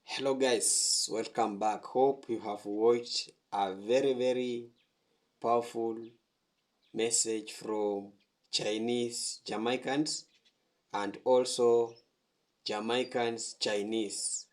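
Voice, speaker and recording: Male reaction host, slow explanatory talk, mid pitch, repeats himself. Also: fairly even intonation, darkish tone. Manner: slow, repetitive, explanatory phrasing. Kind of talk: reaction commentary.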